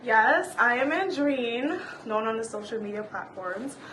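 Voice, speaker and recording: Woman, lively pitch, giggly, unsure guest, echoey room. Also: measured pace. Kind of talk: casual chat. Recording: echoey room, faint noise.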